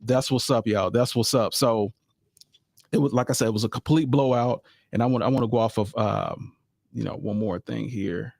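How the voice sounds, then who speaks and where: A man's voice: medium pitch, moderate pace, vocal fry, a little mellow, no echo, clean studio sound. A man hosting a live podcast in a casual, chatty way, talking sports and often addressing listeners directly. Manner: laid-back, repeats phrases, addresses listeners as y'all. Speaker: podcast host.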